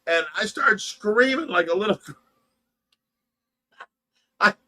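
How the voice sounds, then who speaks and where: A man's voice: sits high, lively intonation, slow pace, pushed and bright. A man hosting a livestream, chatting casually and telling long rambling stories, laughing along as he goes and sounding tired from little sleep. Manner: rambling, laughs through his own stories. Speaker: livestream host. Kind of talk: casual storytelling chat.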